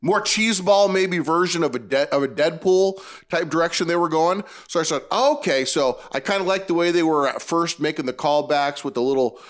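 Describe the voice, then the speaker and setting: A man with a slightly high voice co-hosts a casual movie review chat. He rambles and restarts his sentences as he works out his thoughts aloud. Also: a little fast, hardly any pauses.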